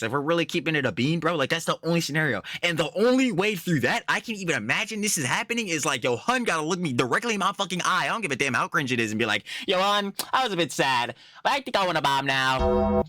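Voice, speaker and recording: A man's voice: a little high, sing-song, fast, hardly any pauses, pushed and bright, dry recording. A young man giving heated, profane, exasperated reaction commentary full of slang.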